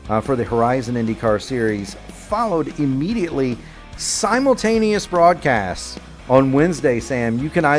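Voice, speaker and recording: A man hosting an online racing broadcast, rambling through the upcoming schedule in a folksy, chatty way. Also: mid-range voice. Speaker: sim racing broadcast host. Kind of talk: broadcast commentary.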